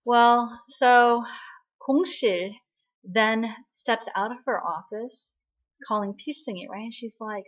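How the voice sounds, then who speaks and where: A woman's voice: fairly high pitch, unhurried, muffled recording. A woman giving a casual, bubbly drama recap, telling the story in a chatty way and often checking in with "right?".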